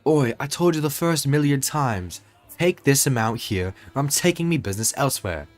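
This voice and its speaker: A man's voice: medium pitch, animated, moderate pace, soft background music, pitched above the performer's own voice, lightly acted. A man voicing a brash, scrappy young woman trader who haggles in slangy, clipped speech.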